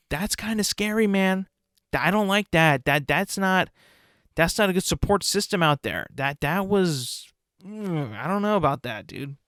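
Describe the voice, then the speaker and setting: A man's voice: high voice, animated, a little slow, a bit bright, clean tone, dry recording, clean studio sound. A young man hosting a solo podcast, ranting in exasperation with plenty of swearing. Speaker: podcast host.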